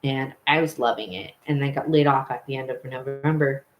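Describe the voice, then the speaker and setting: A man's voice: medium pitch, fairly even intonation, a little fast, highs cut off, faint music behind. A young man telling a personal story in a casual vlog, rambling, with many fillers and self-corrections. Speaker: vlogger.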